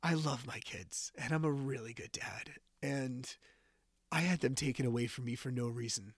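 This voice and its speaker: A man's voice: medium pitch, normal speed, husky, no echo, studio quality. A man hosting a podcast, telling personal stories in a chatty, casual way with lots of fillers. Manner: chatty storytelling with many fillers. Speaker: podcast host.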